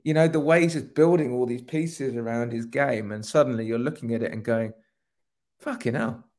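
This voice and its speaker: A man's voice: medium pitch, a little fast, darkish tone. A man co-hosting a casual football podcast, talking in a rambling, emphatic way. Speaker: podcast co-host.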